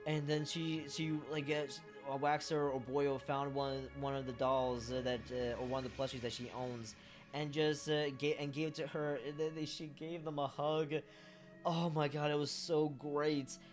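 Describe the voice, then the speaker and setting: A man's voice: fairly high pitch, little pitch movement, moderate pace, soft background music. A man talking casually about a show he loves, rambling with many fillers and the odd curse, emotional and earnest. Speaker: fan sharing memories. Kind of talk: casual monologue vlog.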